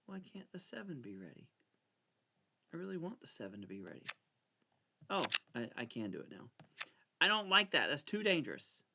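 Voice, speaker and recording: A man chats through a card game in a casual, excitable way, squabbling with himself and playing up his fear. His voice is gravelly and swings widely in pitch. The recording carries a steady layer of noise. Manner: excitable, bickering with himself, mock-frightened. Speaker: channel host playing solitaire. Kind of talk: casual gameplay commentary.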